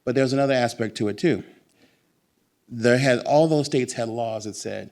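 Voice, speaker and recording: A man talking as a guest author at a bookstore event. He is animated and emphatic, and he wanders into long digressions. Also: mid-range voice, normal speed.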